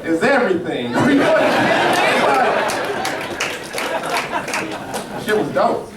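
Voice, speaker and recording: High-voiced profane stand-up comic, live club. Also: male voice, huge pitch swings, drawn-out words. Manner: loose, profane, storytelling delivery that jumps between somber and mocking. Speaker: stand-up comedian. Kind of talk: stand-up comedy set. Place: comedy club stage with a live audience. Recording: roomy, distant live club recording with loud crowd noise.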